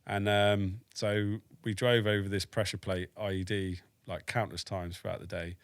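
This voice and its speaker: A man's voice: lowish voice, little pitch movement, moderate pace, no room sound. A British man around forty, an army veteran telling a story as a podcast guest in a frank, matter-of-fact way, with dry humour and swearing. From United Kingdom. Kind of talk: casual storytelling in a podcast interview.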